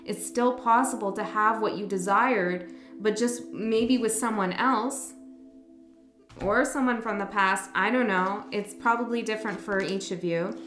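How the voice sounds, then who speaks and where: A woman giving a casual tarot reading, talking gently and rambling, correcting herself as she goes. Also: medium pitch, a little slow. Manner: gentle, rambling, self-correcting, soft laughs. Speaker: tarot reader. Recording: echoey room with faint music.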